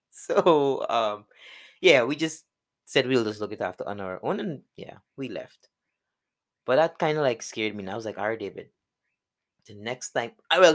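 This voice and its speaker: A young man with a Guyanese accent, hosting a podcast and telling a personal story in a casual way, laughing often. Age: young adult. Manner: animated, laughs often, jumps into high voices when quoting people. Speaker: podcast host.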